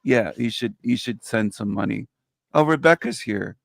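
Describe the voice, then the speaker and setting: A man's voice: fairly low pitch, lively intonation, normal speed, gravelly, no room sound. A man joining a livestream panel as a guest, teasing and laughing in casual chat.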